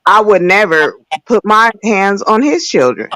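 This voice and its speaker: A woman's voice: medium pitch, very animated, unhurried, a bit bright, no echo. A woman in a casual panel chat on a video call, agreeing and making points with emphasis.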